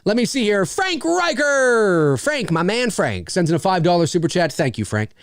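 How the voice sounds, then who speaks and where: A man's voice: high voice, sing-song, fairly quick, dry recording, clean studio sound. A man hosting a casual livestream, rambling enthusiastically and swearing freely as he reads viewer messages. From Canada. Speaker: livestream host.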